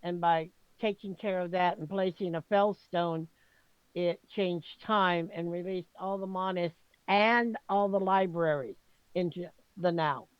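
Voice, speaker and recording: A woman's voice: on the low side, fairly even intonation, a little slow, dry recording, muffled recording. A woman playing a tabletop role-playing game, chatting casually and rambling through explanations. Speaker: player.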